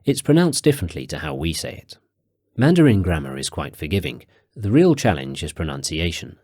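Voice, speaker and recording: A man narrating a guided audio language course, giving clear, measured prompts and slowing down for key phrases. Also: low-pitched, big pitch swings, a little mellow, dry recording, clean studio sound.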